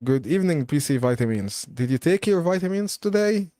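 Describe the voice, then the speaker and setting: A man's voice: a little high, lively intonation, brisk, mellow, dry recording, studio quality. A man hosting a live Q&A stream, chatting casually, laughing often and reading viewer comments aloud.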